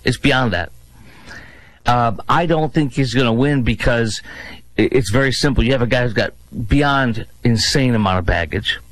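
A male fill-in talk radio host with a middle-pitched voice, speaking in a dry, close studio sound. He mocks his targets with sarcasm, and his pitch leaps up whenever he repeats a phrase with scorn. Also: no room sound, rough recording. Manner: sarcastic, mocking, exaggerated pitch swings. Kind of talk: opinionated political talk radio.

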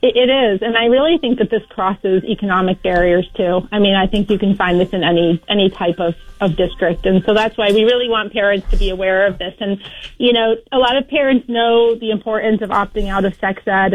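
A woman's voice: mid-range voice, no room sound. A woman advocating for parents as a guest on talk radio, explaining earnestly with many fillers. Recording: dry, dull radio broadcast audio.

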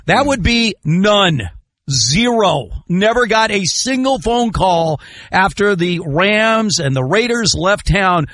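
Animated man talking sports, dry studio. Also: sits high, a little slow, no echo. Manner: animated, jokey, swings to loud exclamations. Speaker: radio host. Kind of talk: casual sports talk.

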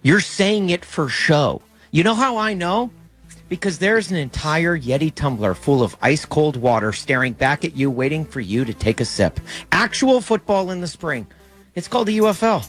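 A man's voice: fairly high pitch, moderate pace, faint music behind. A young man co-hosting a sports talk show, delivering a mocking comedic rant and putting on whiny voices. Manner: mocking, animated, puts on whiny voices for quotes. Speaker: podcast co-host.

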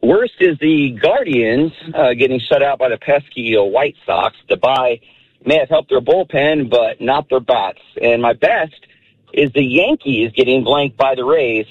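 A man's voice: mid-range voice, animated, measured pace, slightly rough, no echo. A man calling a sports radio show with wry, playful takes and a limerick. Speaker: caller. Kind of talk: phone-in call. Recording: phone line.

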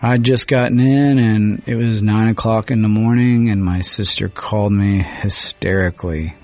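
A man in a radio interview, telling a painful story in a halting, rambling way full of fillers. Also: on the low side, steady tone, a little mellow, soft background music. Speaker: guest singer-songwriter.

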